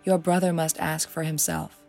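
Lady doing an icy vampire healer, cool and bossy, kinda gravelly. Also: sits low, level tone, darkish tone, faint music behind. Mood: cool, imperious. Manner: cool, unhurried, imperious. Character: proud icy female vampire healer, young-looking.

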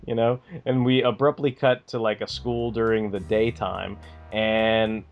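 Man, podcast co-host, low voice, rambling casual chat, faint music underneath. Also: level tone, unhurried, gravelly, muffled recording. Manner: rambling, filler-heavy, profane.

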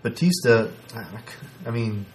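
A man co-hosting a casual podcast, talking in an animated way with lots of restarts and laughter. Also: mid-range voice, measured pace, slight background noise. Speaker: podcast co-host. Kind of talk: casual wrestling podcast chat.

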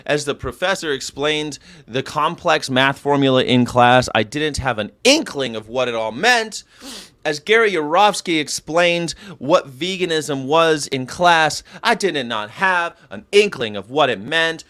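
A man's voice: a little high, animated, a little slow, fairly bright tone, dry recording. A man hosting a daily vlog, with rambling, jokey talk and frequent laughs. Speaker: host. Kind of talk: casual daily vlog monologue.

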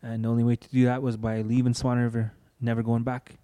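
Speaking as a guest in conversation, a young man recounts his loss with earnest emotion and voices the words others said to him. He talks at a quick pace in a mid-range, monotone voice with a dark tone.

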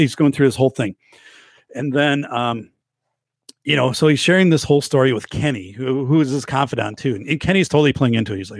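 Husky podcast guy in his 40s, rambly storyteller, keeps restarting, dry mic. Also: medium pitch, lively intonation, fast talker, a little mellow, no echo. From Wisconsin, US. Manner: rambling, self-interrupting storyteller with many restarts. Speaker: podcast host. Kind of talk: casual storytelling on a livestream.

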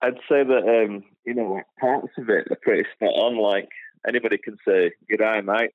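A man's voice: fairly low pitch, moderate pace, no room sound. A British man chatting as a guest, hesitant and full of fillers and restarts, heard over a phone line. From United Kingdom. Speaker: guest, shooting channel creator. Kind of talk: casual interview chat.

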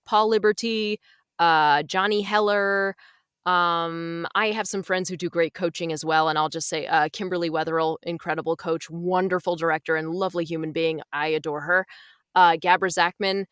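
A woman's voice: fairly low pitch, fairly even intonation, a bit bright, smooth, no echo, studio quality. A woman audiobook narrator giving frank, emphatic advice in a casual interview. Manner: brisk, frank and emphatic with mild swearing.

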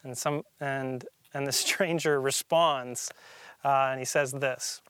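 A man preaching a sermon as a pastor, earnest and emphatic, slowing down to stress key phrases. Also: mid-range voice, steady tone, fairly bright tone, smooth, no room sound.

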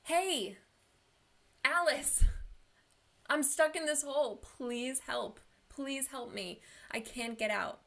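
A woman voicing a desperate, trapped person who calls up for rescue in a raised, high, pleading voice. The voice has a gravelly fry underneath. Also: slow pace, pauses often, fairly bright tone, exaggerated voice. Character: desperate person stuck in a deep hole.

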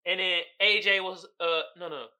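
A man's voice: sits high, steady tone, moderate pace, sharp tone, a little hiss or hum. A man hosting a podcast, recapping a movie in a casual, profane, storytelling way with frequent laughter. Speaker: podcast host.

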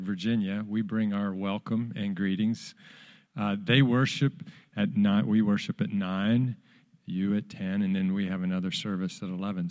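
A man in his fifties, a visiting pastor, giving a friendly, measured greeting to a church. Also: fairly low pitch, darkish tone.

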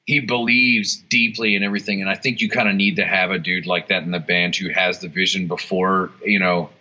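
A man's voice: deep voice, level tone, brisk, pushed and bright. Laid-back swearing man on a muffled call. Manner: rambling, swears often, many restarts and fillers. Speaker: guitarist and songwriter, interview guest. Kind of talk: casual interview chat. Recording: dull lo-fi sound.

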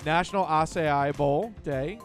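A man's voice: a little high, measured pace, soft background music. Easygoing male co-host listing the day's holidays. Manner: relaxed, reads out lists. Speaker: podcast co-host. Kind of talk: casual chat.

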